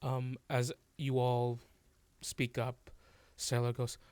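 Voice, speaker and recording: A man running a tabletop fantasy game, narrating the scene in a slow, halting way that is full of fillers and restarts. His voice sits at an ordinary pitch and sounds dry and close, with no room around it. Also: monotone, a little mellow, smooth, no echo. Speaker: game master.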